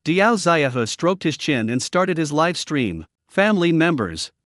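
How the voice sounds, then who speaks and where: Male narrator for a story recap, animated and a bit high, dry voice-over. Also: measured pace, no room sound.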